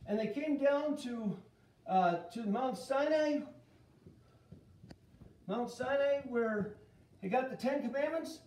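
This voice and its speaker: A middle-aged man leading a children's Bible lesson, telling the story in a lively way and asking the kids questions. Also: extremely high pitch, takes it slowly, pauses often. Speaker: children's church teacher. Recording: echoey room, voice from a distance.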